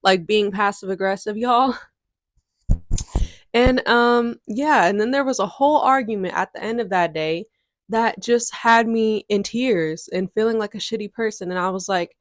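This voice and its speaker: A woman's voice: medium pitch, moderate pace, dry recording, clean studio sound. A woman, chatting candidly to her viewers in a casual storytime vlog. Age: 20s. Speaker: content creator.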